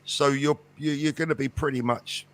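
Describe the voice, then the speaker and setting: A man's voice: fairly high pitch, steady tone, moderate pace, fairly bright tone. A man co-hosting a casual livestream chat, reasoning earnestly and repeating phrases to press his point. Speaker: livestream co-host.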